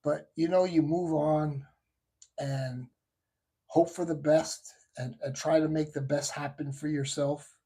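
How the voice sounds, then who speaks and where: A man chats loosely on his own livestream, wandering between topics and restarting his sentences often. His voice is mellow and dark, with a husky edge. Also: on the high side, unhurried, long pauses. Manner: rambling, with many restarts and asides. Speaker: shaving livestream host. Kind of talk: casual live chat.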